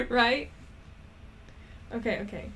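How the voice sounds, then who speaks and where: A woman's voice: a little high, bright, forceful tone. A woman rambling in casual chat, giggly and self-deprecating. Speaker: animator and vlogger.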